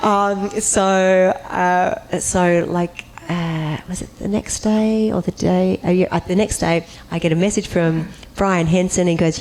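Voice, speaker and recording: A woman on a convention panel telling an animated anecdote, acting out voices and breaking into high, laughing squeals. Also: measured pace, hardly any pauses, a little hiss or hum, rough recording.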